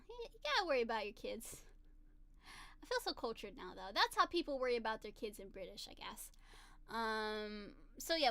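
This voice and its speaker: A woman's voice: fairly high pitch, sharp tone, clean tone, dry recording. A woman vlogger chatting casually to camera, giggling often and filling her talk with "like" and "um". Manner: chatty, giggly, lots of fillers. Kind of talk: casual chat.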